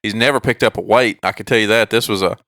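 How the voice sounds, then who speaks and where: A man's voice: lowish voice, fast talker, fairly bright tone, no room sound. Easygoing guy on a podcast, dry mic, mostly short replies and laughs. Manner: laid-back, chimes in with short replies and laughs. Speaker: podcast co-host. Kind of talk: casual chat.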